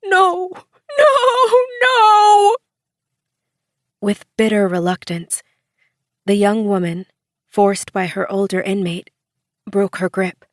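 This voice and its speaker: A woman narrating an audiobook in a measured way, giving the characters soft voices. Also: medium pitch, flat delivery, dry recording, studio quality.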